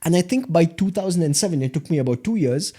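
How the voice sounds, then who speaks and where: A man, a guest in a casual interview, telling animated stories about his start. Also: fairly high pitch, fast, breathy edge. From India. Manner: animated storytelling, acts out quoted voices. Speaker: guest, beatboxer and MC.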